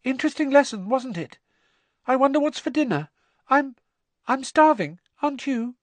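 Frightened teenage schoolboy, put on by a male narrator, high and gabbling, dry sound. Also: animated, moderate pace, dry recording. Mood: shaken.

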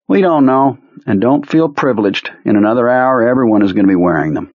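A sardonic military commander with clipped, biting lines, as a man puts him on. The voice sits higher and louder than the reader's low, husky narration. The recording is dry and dull. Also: animated, brisk, no room sound. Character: gruff commanding male military officer.

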